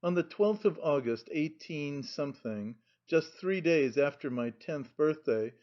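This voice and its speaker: A man reads an audiobook aloud in a slow, measured way. His voice sits a little high for a man. The recording has a dull, lo-fi sound. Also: lively intonation. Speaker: audiobook narrator. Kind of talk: scripted audiobook narration.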